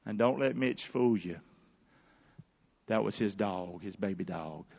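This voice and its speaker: A man preaching a lively sermon with call-and-response, swinging between hushed asides and loud shouts. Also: lowish voice, unhurried, creaky, husky, big-room sound, dull audio. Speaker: pastor. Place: large church hall.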